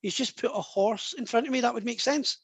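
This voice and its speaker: A man with a notably high voice gives a psychic reading to a sitter. He stumbles and repeats himself as he relays impressions. The sound is dry and close, with no room echo. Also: a bit bright, slightly rough. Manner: halting and repetitive, restarting words often. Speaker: psychic medium. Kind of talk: live spirit reading to a sitter.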